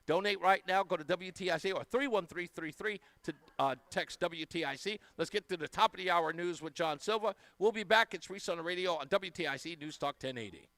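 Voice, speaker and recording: A man's voice: sits high, fairly quick, few pauses, a bit bright. A man hosting a live radio talk show, chatting casually and effusively thanking donors. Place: radio studio.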